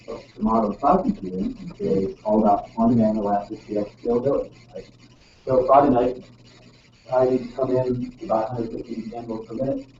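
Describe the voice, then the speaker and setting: A man's voice: mid-range voice, fairly even intonation, brisk, dark tone. A man giving a technical presentation to a live audience, talking casually with many ums and frequent tag questions. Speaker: presenter at a user group meeting. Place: meeting room. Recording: roomy, distant, dull sound with faint noise.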